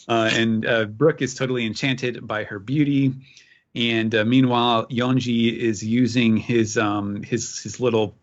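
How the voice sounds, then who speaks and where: A man chats casually as a podcast co-host and walks through a comic chapter with plenty of "uh" and "um". His pitch sits in an ordinary middle range. The recording sounds a little dull and lo-fi. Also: steady tone, unhurried. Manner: rambling recap with many filler words. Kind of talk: casual chat. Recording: slightly muffled lo-fi audio.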